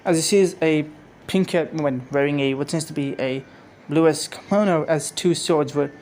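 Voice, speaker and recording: A man with a darkish voice on the high side reads aloud his own fan fiction at a moderate pace, rambling casually and often restarting or correcting himself. Music plays in the background, with slight background noise on a rough recording.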